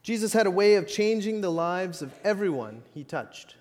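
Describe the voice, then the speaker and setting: A man preaching a sermon with measured, dramatic pauses and bits of self-mocking humor. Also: high-pitched, lively intonation, darkish tone, big-room sound. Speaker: pastor.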